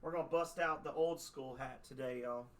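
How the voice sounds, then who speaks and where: A man streaming a video game live, chatting excitedly with viewers and laughing often. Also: mid-range voice, normal speed, a little hiss or hum. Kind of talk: live-stream gaming commentary. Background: video game music.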